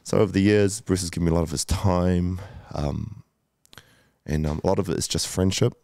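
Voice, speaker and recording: A podcast guest in his thirties tells his story candidly and with emotion, swearing a lot and full of fillers and restarts. His low, gravelly, slightly mellow voice holds a steady tone at a fairly quick pace, recorded in studio quality without echo.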